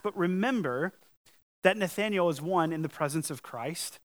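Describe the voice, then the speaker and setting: A man's voice: sits high, normal speed, fairly bright tone. A man preaching a sermon to his congregation in an earnest, conversational way, building to emphatic peaks. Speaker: pastor.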